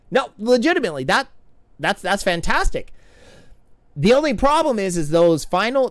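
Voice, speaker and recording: A man reviewing swim technique on video as a coach, talking in an excitable, rambling way and often correcting himself. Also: fairly high pitch, dry recording.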